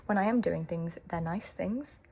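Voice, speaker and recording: A woman's voice: fairly low pitch, moderate pace, gravelly, a little mellow. A young woman, chatting casually to her camera in a rambling vlog, full of ums and little laughs. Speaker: vlogger. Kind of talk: casual chat. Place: home. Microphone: handheld camera.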